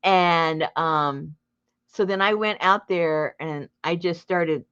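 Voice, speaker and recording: A middle-aged woman telling a story to her viewers in a casual, animated way, breaking into laughter and loud acted outbursts. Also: fairly low pitch, slow pace, clean tone. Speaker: junk journal crafter and channel host. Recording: dull lo-fi home recording.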